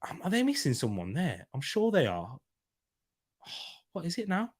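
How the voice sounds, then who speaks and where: A man's voice: fairly high pitch, huge pitch swings, normal speed, husky. A young man hosting a live football watchalong, chatting casually, bantering with viewers and laughing often. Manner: bantering, laughs often, reads chat comments aloud. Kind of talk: casual live-stream chat.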